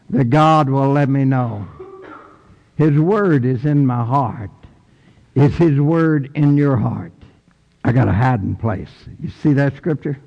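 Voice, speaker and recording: A man with a Kentucky accent preaching a sermon, passionate, rising to near shouts and stretching out his phrases. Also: on the high side, big-room sound, rough recording.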